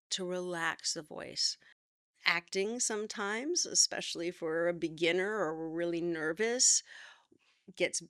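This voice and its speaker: A middle-aged woman acting teacher explaining voice work in a relaxed, conversational way. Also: fairly low pitch, dry recording, clean studio sound. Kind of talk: talking to camera, teaching.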